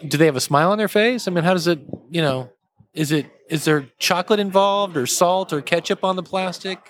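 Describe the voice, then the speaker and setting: A man guesting on a podcast, answering questions with deadpan humor. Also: high-pitched, a little fast. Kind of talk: casual chat.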